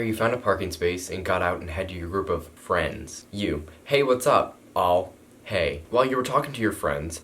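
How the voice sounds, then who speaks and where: Low-voiced man reading fanfic aloud, mocking. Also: a bit bright, slight background noise. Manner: amused, mocking asides between read passages. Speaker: YouTuber reading a fanfiction about himself. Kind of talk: reading aloud and reenacting a story with joking asides.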